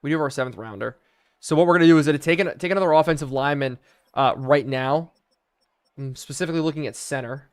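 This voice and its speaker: A man's voice: on the high side, fast talker, smooth. A young man live-streaming a video game, chatting to viewers and thinking aloud as he plays.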